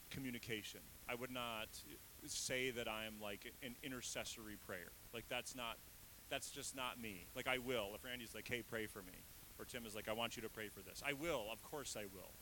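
Bright-voiced man in his thirties preaching casually. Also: medium pitch, normal speed, slight background noise, poor audio. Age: 30s. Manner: casual, candid, self-deprecating asides. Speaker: pastor. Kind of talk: conversational sermon.

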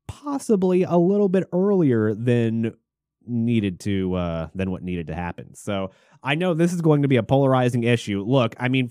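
A man hosting a podcast, casually riffing on current news with jokes and swearing, trailing off into mumbles between louder bursts. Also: mid-range voice, dry recording, studio quality. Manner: jokey, irreverent, swears freely. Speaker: podcast host.

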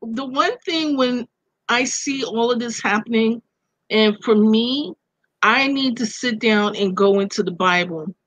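Slow-talking woman with a Brooklyn accent. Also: a little high, fairly bright tone, dry recording, dull audio. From Brooklyn, USA. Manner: slow, heartfelt, reflective talk. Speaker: guest. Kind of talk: casual chat.

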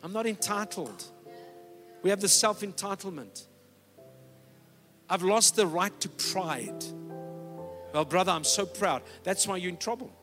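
A middle-aged man preaching a sermon, emphatic, swinging from loud exhortation down to low, quiet lines. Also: a little slow, long pauses, faint music behind. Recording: long hall reverb.

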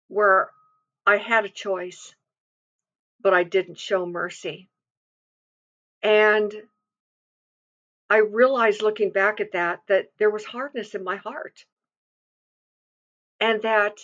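A woman's voice: mid-range voice, a bit bright, lo-fi sound. A woman giving an earnest, confiding devotional sermon, reading scripture and speaking from personal experience with frequent restarts.

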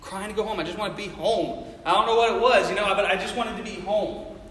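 A man's voice: high voice, fast talker, fairly bright tone. A man in his thirties from the Cincinnati area tells a personal story to a live audience in a casual, chatty way, often checking in with the crowd. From Ohio, near Cincinnati. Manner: casual, chatty, keeps asking the audience "you know what I mean?". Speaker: speaker addressing an audience. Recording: echoey hall with faint noise.

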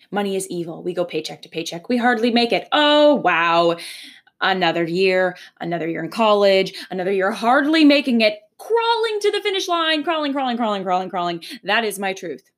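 A young woman from Canada talks through a spiritual motivational podcast with a slightly husky, breathy voice at a middle pitch. She sounds earnest and animated and drops casual swear words. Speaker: podcast host.

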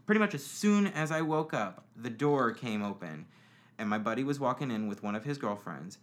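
A man's voice: on the low side, animated, normal speed. A young man telling stories on a podcast as a guest, rambling, swearing, with lots of fillers. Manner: rambling, profane, many fillers. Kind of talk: casual storytelling chat.

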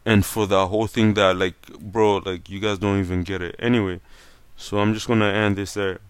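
A young man's low, smooth voice delivers a blunt, profane opinion rant. He talks casually, leaning on "like" and "fam". The recording is dry and close. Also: little pitch movement, normal speed, no room sound. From Canada.

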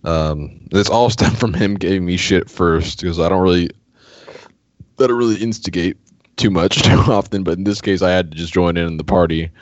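A man's voice: low-pitched, moderate pace, dry recording. A man co-hosting a podcast, chatting casually and chuckling his way through a story. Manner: laughs through his own story, relaxed and amused. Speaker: podcast co-host. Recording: dull lo-fi dry audio.

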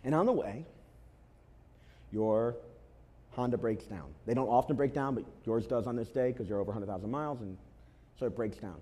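A man preaching a sermon to his congregation as pastor, telling an animated story and driving points home with emphatic repetition. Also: medium pitch, normal speed, long pauses. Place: church before a congregation.

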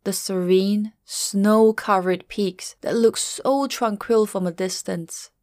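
A middle-aged woman tells a personal story in a quiet, measured voice with a grieving undertone. Her pitch sits in the middle range. The recording is dry and close, with no room sound. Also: fairly even intonation, no room sound. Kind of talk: first-person story narration.

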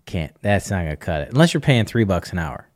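In this rich podcast chat, a middle-aged man explains things in an animated, chatty way, acting out little bits of dialogue. His voice sits on the low side, and the sound is close and dry. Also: fast, no room sound. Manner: animated, acts out dialogue, chuckles often. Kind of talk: casual podcast conversation.

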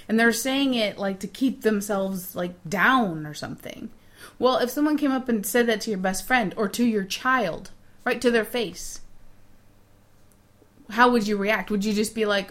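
A woman co-hosting a podcast, chatting casually and giving advice, animated and quick to laugh. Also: mid-range voice. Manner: chatty, laughs often, animated when making a point. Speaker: podcast co-host.

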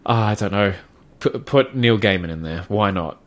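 A man's voice: lowish voice, lively intonation, moderate pace. A man co-hosting a podcast in casual chat, laid-back and joking, fond of teasing his co-host.

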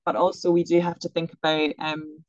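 Young female educator, casual interview guest, quick filler-heavy delivery, dry room. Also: sits low, little pitch movement, a little mellow, dry recording, lo-fi sound. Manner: chatty, quick, many fillers and laughs.

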